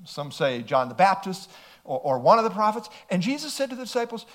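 A man's voice: sits high, sing-song, fairly quick. A man preaching a sermon, emphatic and throwing rhetorical questions at his listeners.

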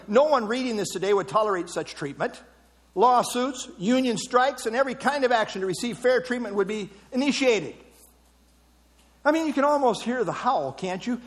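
High-voiced preacher in a reverberant hall. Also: male voice, fairly bright tone. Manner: emphatic, rhetorical questions, repeats words. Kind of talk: sermon.

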